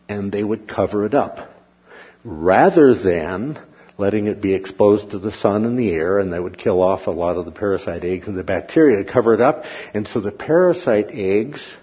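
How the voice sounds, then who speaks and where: A man giving a slide lecture on history, rambling with many pauses and fillers and asking and answering his own questions. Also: lowish voice, husky, in a large hall, muffled recording.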